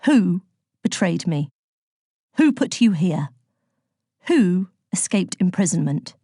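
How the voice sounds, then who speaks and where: A woman voicing a commanding male demon lord of death in a storybook, speaking forcefully and proclaiming. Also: fairly low pitch, big pitch swings, slow, no room sound, clean studio sound, exaggerated voice.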